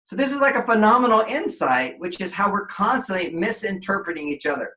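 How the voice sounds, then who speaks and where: A man's voice: high voice, expressive, fairly quick, sharp tone. A man guest on an interview show, explaining relationships in an expansive way and acting out quoted voices. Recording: echoey room.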